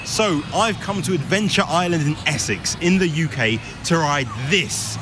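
A male presenter reporting on location at an outdoor amusement park, excited and whooping on a roller coaster. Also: on the high side, normal speed. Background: loud music and ride noise.

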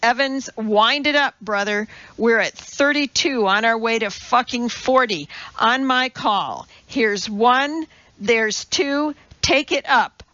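Short, foul-mouthed male coxswain, fierce and barking, read by a woman, gravelly and slow. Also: medium pitch, animated, pushed and bright, no room sound, muffled recording, full character voice. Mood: barking orders. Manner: snarling, barking commands.

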